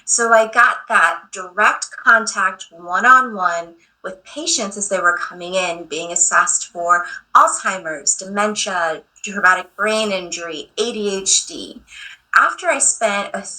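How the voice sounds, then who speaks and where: A woman in her thirties speaking as a guest on a radio interview show, candid and quick to laugh at herself. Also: medium pitch, pushed and bright, low-quality recording.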